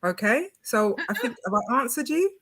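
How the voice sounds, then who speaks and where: A woman's voice: on the high side, sing-song, normal speed, a bit bright, husky. A woman on a video-call panel, giving firm opinions as a mother of a son. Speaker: panel guest. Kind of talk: casual panel discussion.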